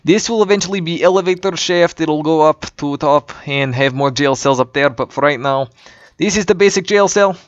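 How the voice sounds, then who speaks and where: A man's voice: on the high side, normal speed, no echo. Man in a put-on Russian accent. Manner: rambling, hesitant, with ums and dropped words. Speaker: map maker. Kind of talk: casual game map walkthrough. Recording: dull, dry lo-fi mic.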